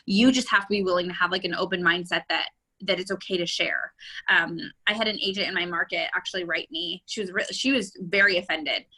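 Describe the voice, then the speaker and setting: A woman's voice: mid-range voice, pushed and bright, poor audio. A woman real estate agent and coach giving an enthusiastic, chatty webinar talk with many fillers.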